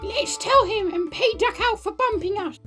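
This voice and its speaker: A woman voicing a chorus of cheeky, rude old freight trucks in a shrill, squeaky, singsong voice over background music. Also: expressive, moderate pace, sharp tone, heavily acted. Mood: jeering. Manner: taunting, singsong.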